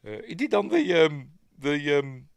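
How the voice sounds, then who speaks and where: A man's voice: on the high side, big pitch swings, a little slow, clean tone, no echo. Rambling Yorkshire man reviewing a film. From Yorkshire, England. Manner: rambling, muttering asides to himself. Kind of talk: casual film review commentary.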